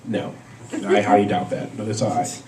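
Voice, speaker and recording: A man's voice: on the low side, level tone, normal speed, reverberant, distant mic, a crowd in the background, poor audio. A man doing a stand-up comedy set, rambling through stories with lots of fillers and laughs at his own jokes. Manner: rambling, filler-heavy storytelling with frequent laughs.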